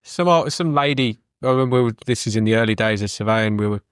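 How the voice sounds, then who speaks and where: A man's voice: mid-range voice, fast talker, clean tone, no room sound, studio quality. A man, a surveyor, telling a story in casual podcast chat and acting out both sides of the dialogue.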